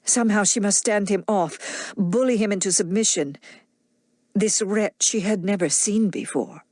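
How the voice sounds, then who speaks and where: A woman narrating an audiobook with a measured, dramatic delivery. Her voice sits in a middle pitch. The recording is dry and close. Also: darkish tone, no room sound. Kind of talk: scripted narration.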